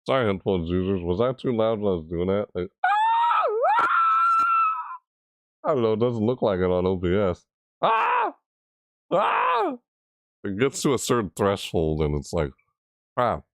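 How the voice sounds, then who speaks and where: A man rambling and giggling through a game video commentary at his computer, breaking into loud whoops and screams. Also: deep voice, expressive, a little fast, dry recording. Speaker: gaming video creator. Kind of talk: rambling commentary over a game event overview.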